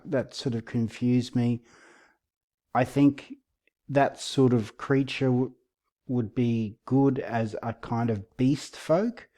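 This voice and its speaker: Male video host, warm low-key tone, easygoing sarcastic delivery. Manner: relaxed, self-aware, a bit sarcastic. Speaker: channel host. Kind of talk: casual commentary video.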